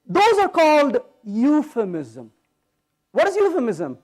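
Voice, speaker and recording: A man's voice: extremely high pitch, a little slow. Guy giving a tech conference talk, voice bounces all over, keeps joking and asking the crowd "right?". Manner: animated, joking storyteller; asks the audience rhetorical questions. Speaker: conference speaker. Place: conference hall stage.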